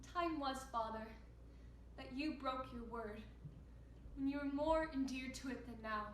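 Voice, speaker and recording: A young woman performing a Shakespeare monologue as a grieving noble widow, in measured, solemn verse. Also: high voice, a little hiss or hum, lightly acted. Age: late teens. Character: grieving noble widow pleading with her father-in-law. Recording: echoey room, distant mic.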